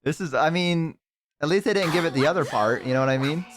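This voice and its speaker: A man's voice: a little high, quick pace, music in the background. A man streaming, chatting casually, joking and rambling with crude humor.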